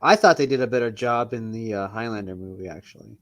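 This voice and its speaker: A man's voice: fairly low pitch, fast, no room sound, highs cut off. A man chatting casually in a wry, chatty way. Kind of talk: casual chat.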